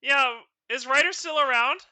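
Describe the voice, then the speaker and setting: A woman's voice: sits high, moderate pace, bright, forceful tone, dry recording. A woman with a North Carolina accent, chatting playfully with friends and viewers during a stream, often stumbling over her words. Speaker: VTuber streamer. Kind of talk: casual stream chat.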